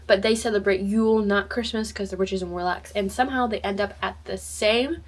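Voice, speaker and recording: Young female vlogger, mid-pitched, chatty and rambling, casual and upbeat. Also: a bit bright. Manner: bubbly, rambling, many "like"s and restarts. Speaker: book vlogger. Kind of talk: casual chat.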